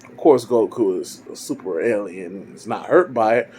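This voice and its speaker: A man's voice: lowish voice, moderate pace, darkish tone, husky. A man casually telling his own fan story, rambling as he goes. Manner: rambling, with fillers and restarts.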